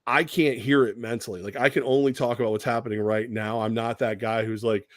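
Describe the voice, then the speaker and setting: A man co-hosting a sports talk show in casual chat, recorded dry and close with no room sound. His pitch sits in the middle for a man. He keeps slipping into the voices of the people he quotes and swears in passing. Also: fairly even intonation, fairly quick, dry recording. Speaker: radio show co-host.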